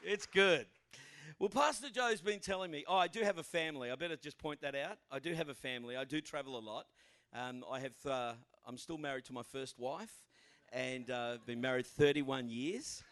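An Australian man in his fifties preaches at a church as a guest pastor. He talks in a chatty, self-deprecating way, with plenty of fillers and asides, in a mid-pitched voice. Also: normal speed, fairly bright tone. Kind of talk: informal sermon.

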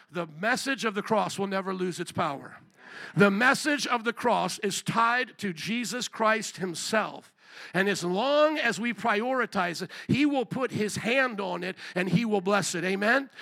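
High bright-voiced preaching man. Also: creaky. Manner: impassioned, rising to shouts. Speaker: pastor. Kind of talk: sermon.

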